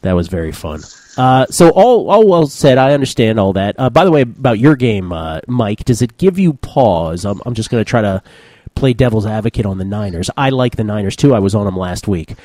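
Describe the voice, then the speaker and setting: A man with a mellow, dark voice hosts a sports betting show. He talks briskly and wryly, recorded close and dry with no room sound. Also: lowish voice, very animated, dry recording. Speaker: sports betting podcast host. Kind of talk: casual sports betting talk.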